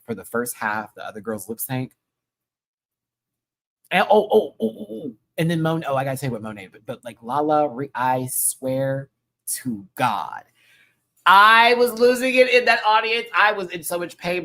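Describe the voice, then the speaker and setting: Gushing, chatty man recapping a show. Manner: animated, gushing, breaks into high excited exclamations; slangy and chatty. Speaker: channel host. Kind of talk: casual recap commentary.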